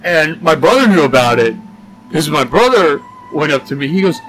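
A young man co-hosting a podcast, casually telling a long story and acting out the quotes in higher voices. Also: very animated, moderate pace, fairly bright tone, a little hiss or hum, rough recording. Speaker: podcast co-host. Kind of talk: casual chat.

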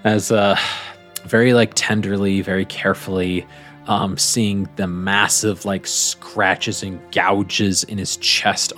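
A man as game master, gently describing the scene in a tabletop game. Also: lowish voice.

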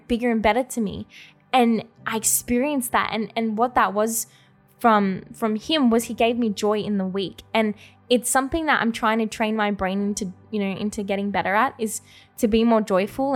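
A young woman, co-hosting a casual faith podcast, talking earnestly and heartfelt with lots of "like" and "you know". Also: medium pitch. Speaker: podcast co-host.

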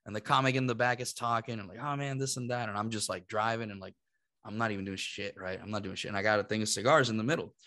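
A man in his thirties from Puerto Rico, telling an animated story on a podcast, laughing and acting out what people said. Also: lowish voice, quick pace, dry recording. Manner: animated, laughing, acts out quotes. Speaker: podcast host. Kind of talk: casual storytelling.

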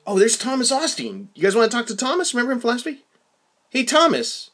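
A man's voice: extremely high pitch, wildly swooping pitch, quick pace, a bit bright. A middle-aged man hosting his own podcast, telling a rambling story full of restarts and acted-out quotes. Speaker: podcast host. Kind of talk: casual podcast monologue and phone chat.

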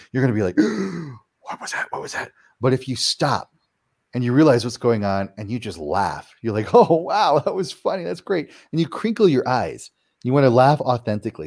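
A man being interviewed, answering in an expressive voice with a wide, lively pitch range. He acts out the reactions he describes in quick voiced asides. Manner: animated, acts out quoted reactions with big pitch jumps. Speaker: paranormal house-clearing practitioner, guest.

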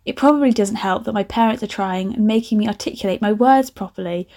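A woman reading her own teen story aloud, voicing a posh, quiet teenage schoolgirl in an exaggerated posh voice. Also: medium pitch, brisk, natural voice. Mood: prim.

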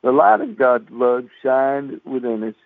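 A man, a radio preacher telling a folksy, animated story as a sermon and mimicking banjo twangs. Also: mid-range voice, measured pace, dry recording. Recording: tinny phone-like dry radio sound.

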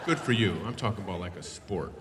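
Low-pitched and quick, with lively intonation, a stand-up comedian does crowd work into a handheld mic. He playfully teases people and laughs often. The recording comes from a reverberant hall at a live comedy show, noisy in the background with faint audience laughter.

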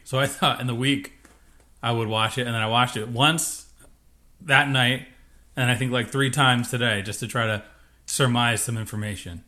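A man co-hosting a podcast, talking casually in a relaxed, rambling way with many hesitations. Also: mid-range voice, moderate pace. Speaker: podcast co-host. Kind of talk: casual chat.

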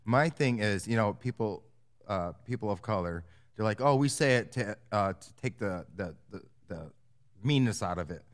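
A man co-hosting a casual chat, opinionated and quick to laugh. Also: lowish voice.

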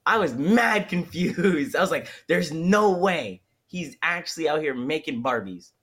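A man's voice: on the high side, lively intonation, a little slow, a bit bright, slightly rough. Profane ranting man in his twenties. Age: 20s. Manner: loose, profane ranting with slang. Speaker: podcast co-host. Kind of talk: casual chat.

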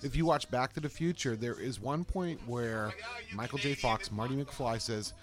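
A man's voice: medium pitch, moderate pace. A man from Pittsburgh, co-hosting a casual podcast, playful and jokey, laughing a lot. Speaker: co-host.

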